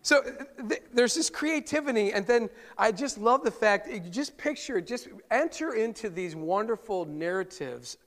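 Animated male preacher, high pitched, echoey hall sound. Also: moderate pace, hardly any pauses. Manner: animated storytelling, chuckles often. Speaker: pastor. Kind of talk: sermon. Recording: long hall reverb.

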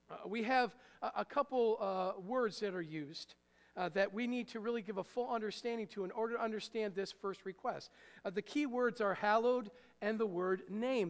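A male pastor with a voice that sits high preaches conversationally, joking with the congregation and striking words with sudden loud emphasis. The recording carries a long hall reverb.

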